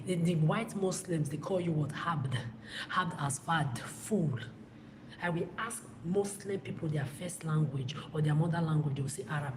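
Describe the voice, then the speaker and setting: A woman from Africa, ranting to camera as a vlogger. She talks bluntly and angrily, swears freely and often stumbles and restarts her sentences. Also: deep voice. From West Africa. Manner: angry, blunt and profane, with repetitive restarts. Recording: echoey room with loud background noise.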